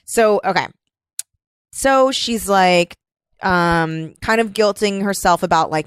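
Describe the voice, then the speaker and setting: A woman's voice: a little slow, smooth, no room sound. A woman co-hosting a podcast, chatting casually about a book and often reading passages aloud. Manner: reads passages aloud, quoting characters in a lower voice. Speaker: podcast co-host. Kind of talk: casual book-discussion chat.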